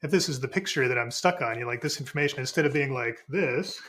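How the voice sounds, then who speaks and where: A man, a spiritual teacher and podcast guest, explaining ideas in a relaxed, unhurried way with frequent restarts. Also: mid-range voice.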